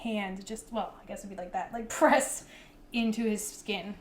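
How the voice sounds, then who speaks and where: A woman's voice: mid-range voice, steady tone, moderate pace, a little hiss or hum. A young woman narrating a tabletop game as game master in a casual way, full of fillers.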